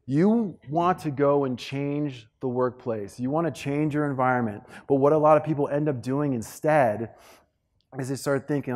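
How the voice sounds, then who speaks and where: A man giving a motivational workshop talk with energetic, playful storytelling. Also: medium pitch, normal speed. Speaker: workshop speaker.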